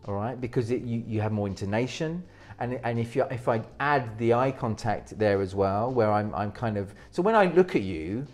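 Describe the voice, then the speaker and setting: A man's voice: medium pitch, lively intonation, normal speed, hardly any pauses, a little mellow, soft background music. A man giving presentation advice in an interview as a speaking coach. He talks energetically, often restarting his sentences, and demonstrates techniques as he goes.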